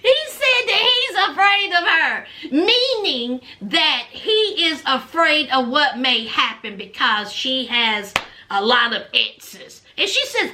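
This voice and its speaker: Woman, sassy recap vlogger, bright voice, high and lively pitch, slow. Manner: chatty, sassy storytelling. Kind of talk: casual reality-show recap.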